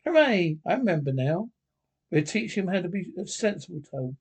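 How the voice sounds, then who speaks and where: Man voicing a delighted little mole, high, gravelly, excitable. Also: normal speed, full character voice.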